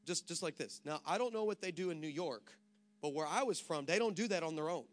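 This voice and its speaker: Animated preacher man, high voice. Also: fast. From Texas. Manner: animated, self-mocking storyteller with rising preaching cadence. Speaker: pastor. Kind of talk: sermon.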